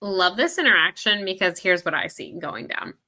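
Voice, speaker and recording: A woman's voice: mid-range voice, expressive, normal speed, sharp tone. A woman co-hosting a podcast, casually picking apart a novel's characters and thinking aloud. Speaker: podcast co-host. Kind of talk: casual book discussion.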